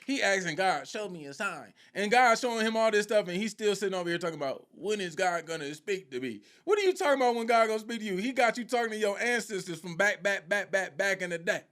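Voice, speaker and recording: Animated man retelling a show. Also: high-pitched, quick pace, hardly any pauses. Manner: lively storytelling with quoted voices. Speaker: faith teacher. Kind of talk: animated live teaching.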